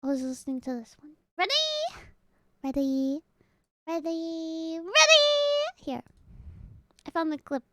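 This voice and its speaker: A woman chatting casually with her livestream viewers in an excitable way. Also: sits high, normal speed, heavy background noise. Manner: excitable, talks to chat. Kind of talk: casual stream chat.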